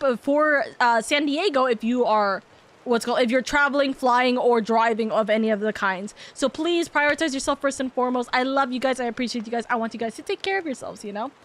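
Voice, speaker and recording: A woman VTuber with a high, bright voice hosts a casual live stream, greeting her viewers one after another. She's bubbly and affectionate, rattling on quickly, rambling and repeating herself.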